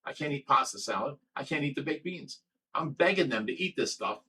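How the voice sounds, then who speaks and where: Blunt rambling man, bright voice. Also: mid-range voice, husky. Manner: blunt, rambling, reads chat comments aloud. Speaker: livestream host. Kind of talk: casual livestream chat. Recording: from a distance with faint background noise.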